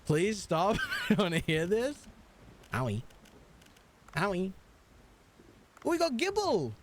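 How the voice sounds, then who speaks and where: A man's voice: high-pitched, huge pitch swings, takes it slowly, background noise. A young man streaming a video game, chatting casually and joking, humming and singing along to the music. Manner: rambling, jokey, hums and sings along to music. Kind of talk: casual gaming livestream chat.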